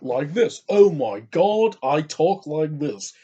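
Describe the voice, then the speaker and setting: A man voicing a brainy male gremlin in a slow, affected put-on British accent. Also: fairly high pitch, big pitch swings, warm tone, slightly rough, highs cut off, exaggerated voice. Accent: put-on Oxford British.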